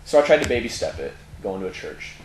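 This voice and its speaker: Middle-aged californian guy, kinda low voice, chatty and candid, lots of ums, roomy echo. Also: very animated, fast talker. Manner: candid storytelling with many fillers. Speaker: interview guest, tattoo parlor owner. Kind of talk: personal testimony in conversation. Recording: echoey room, faint noise.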